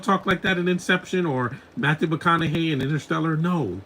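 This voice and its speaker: A man's voice: a little high, lively intonation, a little fast, sharp tone, a little hiss or hum, poor audio. A man giving casual live commentary over a film, mocking it and chuckling often.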